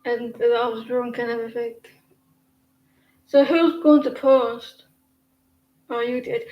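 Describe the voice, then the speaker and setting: Chatty high-voiced woman in a roomy space. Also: steady tone, slow pace, long pauses, darkish tone, slight background noise. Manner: rambling, chatty, self-interrupting. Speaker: tarot reader. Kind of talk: casual livestream reading.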